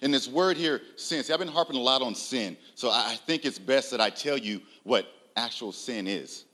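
A man preaching a sermon, emphatic, swinging from loud, raised lines to low, quiet ones and asking the audience rhetorical questions. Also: normal speed. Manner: emphatic, rising loud on key lines, drops low and soft.

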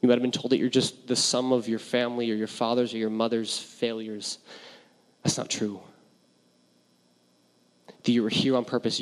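A young man preaching a sermon as a pastor, earnest and candid, stumbling over restarts and building to emphatic passages. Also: medium pitch. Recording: long hall reverb.

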